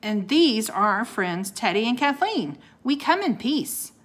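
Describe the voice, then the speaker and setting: A woman reading aloud and voicing an eager, chatty nine-year-old girl with a bright, raised voice. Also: a little high, big pitch swings, measured pace, pitched above the performer's own voice, full character voice.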